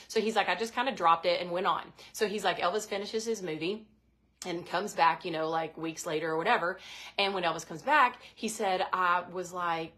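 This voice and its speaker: A woman's voice: lowish voice, a little fast, sharp tone. Chatty woman telling a ghost story. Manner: chatty, many fillers and "like"s. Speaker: co-host. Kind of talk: casual storytelling chat.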